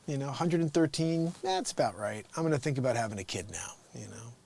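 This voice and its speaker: A man's voice: medium pitch, huge pitch swings, a little fast, gravelly, darkish tone. A man hosting a livestream, chatting casually and jokingly about a Bible reading, laughing often. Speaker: livestream host.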